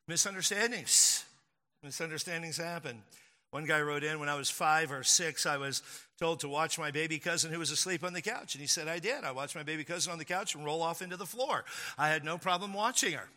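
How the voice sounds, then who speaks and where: A pastor preaches a sermon in a chatty, storytelling way, acting out the people he quotes as he goes. His voice is a little high, brisk, pushed and bright, and the recording carries long hall reverb.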